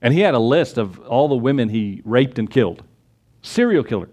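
The pastor's voice is sing-song with a breathy edge, at a normal speed. His sermon quotes scripture, asks rhetorical questions, and moves between loud emphasis and low, casual asides.

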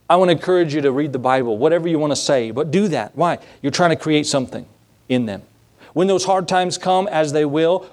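A man's voice: on the high side, a little mellow. A male pastor giving a sermon, telling folksy personal stories in an earnest, conversational way, likely in a church sanctuary.

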